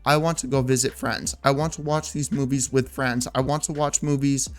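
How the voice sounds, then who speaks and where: A man's voice: medium pitch, flat delivery, moderate pace. A man in his thirties talking casually as a gaming YouTuber, rambling and filling his talk with "like" and restarts. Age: 30s. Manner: rambling, filler-heavy, self-interrupting. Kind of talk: casual vlog commentary.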